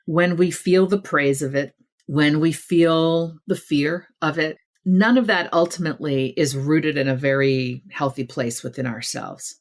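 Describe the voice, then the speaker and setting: A middle-aged woman talks as a guest author on a podcast. Her voice sits somewhat low, and her delivery is earnest and emphatic, piling up points one after another in a conversational flow. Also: unhurried. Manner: earnest, emphatic, building lists. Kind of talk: podcast interview.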